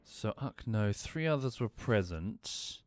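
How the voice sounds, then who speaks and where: A man's voice: on the low side, expressive, slow pace, soft background music. A man streaming a game, thinking aloud as he plays, apologizing and correcting himself along the way. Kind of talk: casual gameplay commentary.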